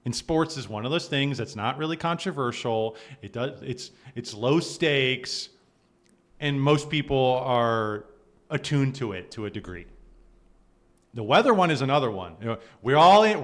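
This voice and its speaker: A man talks through a livestream in casual commentary, his voice in a middle pitch. He sounds exasperated and chatty, and laughs often between points. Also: a bit bright. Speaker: streamer reacting to clips.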